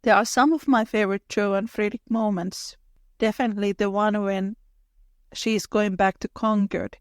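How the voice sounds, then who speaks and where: A woman's voice: medium pitch, steady tone, moderate pace, no echo, studio quality. A woman co-hosting a podcast, thoughtfully adding details from the book in casual chat. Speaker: podcast co-host.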